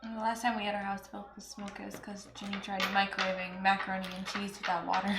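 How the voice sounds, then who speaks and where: A woman's voice: mid-range voice, monotone, fast talker. A woman chatting casually while playing a board game, giggling often and counting aloud. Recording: echoey room with clear background noise.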